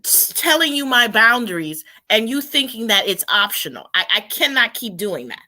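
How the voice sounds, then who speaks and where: A woman's voice: on the high side, big pitch swings, moderate pace, sharp tone. A woman appearing as a guest in a casual chat, speaking bluntly and emphatically.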